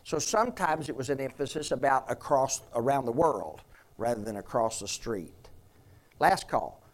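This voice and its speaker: A man's voice: mid-range voice, animated, moderate pace. A man preaching to his congregation in an earnest, folksy way, often restarting his sentences and asking the room questions. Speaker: pastor. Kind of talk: conversational sermon with questions to congregation.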